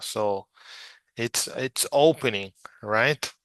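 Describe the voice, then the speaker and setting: Male language teacher from Mexico, lowish bright voice, unhurried, repeats words for learners. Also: dry recording. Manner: slow, patient, repeats words for practice. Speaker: Spanish teacher. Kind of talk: slide-based language lesson.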